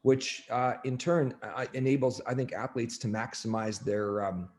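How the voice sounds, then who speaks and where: A man, a coach, chats on a podcast in a mid-pitched voice. He tells lively stories, stops and restarts a lot, and packs his speech with fillers. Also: moderate pace. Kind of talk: podcast conversation.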